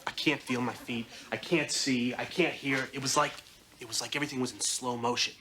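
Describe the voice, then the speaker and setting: An actor playing an eager, excitable teenage student who tells his story breathlessly, his voice jumping up into yelps, in sitcom acting. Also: medium pitch, brisk, lightly acted. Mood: excited. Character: eager excitable teen boy, injured football player. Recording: sitcom track with hiss and audience laughter.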